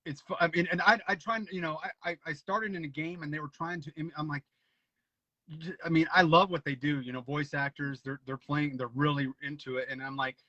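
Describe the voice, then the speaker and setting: A man's voice: a little high, fairly even intonation, a little fast, sharp tone, no room sound. A man hosting a casual podcast chat, eager and full of stammered restarts. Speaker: podcast host. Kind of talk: casual conversation. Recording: dry, dull lo-fi audio.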